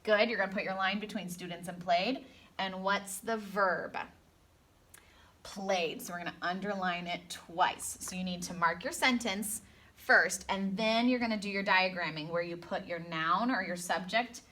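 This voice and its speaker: A woman teaching a phonics lesson to young children in a slow, sing-song teacher voice, stretching out sounds and adding playful asides. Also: medium pitch. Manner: animated, with gasps and playful asides. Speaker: elementary school teacher.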